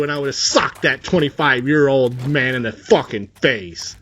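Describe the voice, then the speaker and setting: A man's voice: medium pitch, normal speed, few pauses, fairly bright tone. A man reading a story aloud and breaking in with profane, sarcastic asides. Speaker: story reader and commentator. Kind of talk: reading a story aloud with reactions over gameplay.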